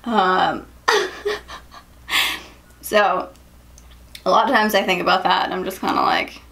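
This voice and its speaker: A woman's voice: fairly low pitch, big pitch swings, vocal fry, fairly bright tone. A young woman vlogger chatting casually about makeup and telling a story, full of "like" and "um". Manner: chatty, lots of "like" and "um", quick laughs. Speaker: beauty vlogger.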